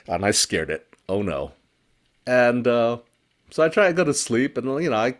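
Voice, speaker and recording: A man telling a personal ghost story in casual conversation, animated and laughing as he acts out his own reactions. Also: mid-range voice, brisk. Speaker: storyteller guest.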